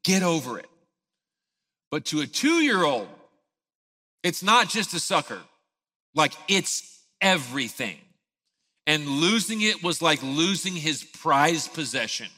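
Pastor, thirties, bright lively storyteller, big hall reverb. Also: male voice, on the high side, takes it slowly, pauses often. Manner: animated storyteller, acts out scenes. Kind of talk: sermon with a personal story.

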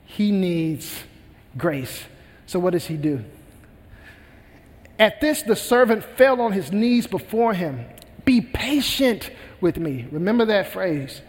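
A man's voice: sits high, lively intonation, slow, long pauses, long reverb tail. A male pastor preaching a sermon, retelling a parable with earnest, emphatic repetition.

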